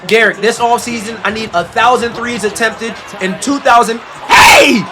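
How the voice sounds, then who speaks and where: Young male streamer, high-pitched and excitable, reacts loudly to a basketball game with slangy trash talk. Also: a little slow, hardly any pauses, heavy background noise. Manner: animated, loud outbursts, slangy trash talk.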